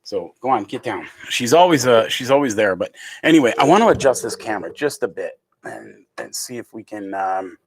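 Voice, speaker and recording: A man's voice: medium pitch, expressive, normal speed, crowd noise. A man from Canada hosting a casual home livestream podcast, rambling with many fillers and restarts and getting heated. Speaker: podcast host. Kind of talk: casual solo livestream talk. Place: home room.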